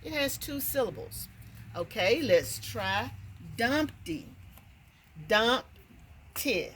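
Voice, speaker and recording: A woman teacher walks parents through a reading lesson at a slow, careful pace. She sounds out words one by one and keeps checking in with "okay." A faint hiss of noise sits behind her voice. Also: fairly high pitch, expressive.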